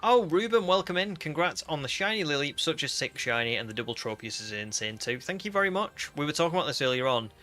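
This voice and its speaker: A man's voice: a little high, very animated, fast talker, few pauses, pushed and bright. A British man chatting casually on a game stream, rambling with fillers as he reads chat aloud.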